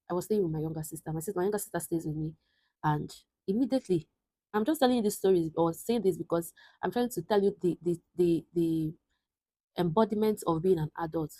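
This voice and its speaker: Husky, low-voiced woman in her twenties. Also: dark tone, no room sound, poor audio. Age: 20s. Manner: earnest, reflective, halting with restarts. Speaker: vlogger. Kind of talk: personal storytelling to camera.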